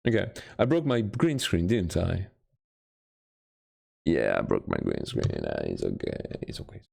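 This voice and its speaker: A gravelly, low-voiced man chatting on his game-dev live stream from a desk mic at home. His pitch leaps all over as he swings between mumbled asides and excited squeals, always mocking himself. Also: unhurried. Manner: animated, self-mocking, jumps between mutters and squeals. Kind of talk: casual live-stream chat.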